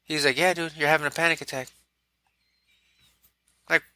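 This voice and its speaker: A man's voice: a little high, normal speed, clean tone, no echo. A man speaking as a podcast guest, candidly telling his own story in casual talk and acting out what others said. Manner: candid, animated, quotes himself and others.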